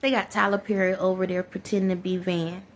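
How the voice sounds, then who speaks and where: A woman talks casually to her viewers in a rambling vlog rant. She circles back on her own points and often breaks into laughter. Her voice sits at an ordinary middle pitch. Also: level tone, fairly quick. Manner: rambling, repetitive ranting with frequent laughter; colloquial, addresses viewers as y'all. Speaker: vlogger.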